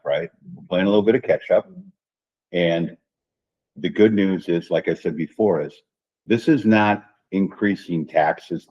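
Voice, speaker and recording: A man's voice: sits low, darkish tone, breathy edge, muffled recording. A man speaking at a school board workshop as a district administrator, folksy and repetitive, often checking in with "right?". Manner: folksy, repeats phrases, says "right?" often.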